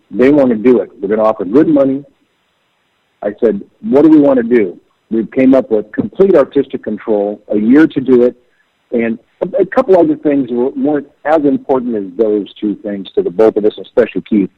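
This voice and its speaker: A middle-aged man, a musician, telling stories in an animated way over a phone call and acting out the voices he quotes. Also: mid-range voice, moderate pace, husky, dry recording. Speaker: musician guest. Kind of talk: storytelling interview over the phone. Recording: tinny phone line, dry.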